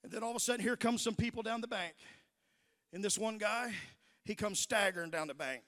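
A middle-aged man preaching a sermon, telling stories that build into shouted preaching. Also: sits high, a little fast, long reverb tail. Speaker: pastor.

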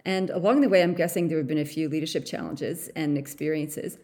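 Woman hosting a podcast on a call, kinda low voice, laughs a lot, chatty. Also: a little fast, darkish tone. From Canada. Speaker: podcast host. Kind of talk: casual interview chat. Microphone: remote call.

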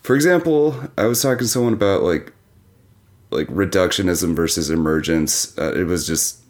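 A man's voice: low voice, expressive, moderate pace. A man, a podcast guest, musing casually in a rambling way with lots of "like" fillers.

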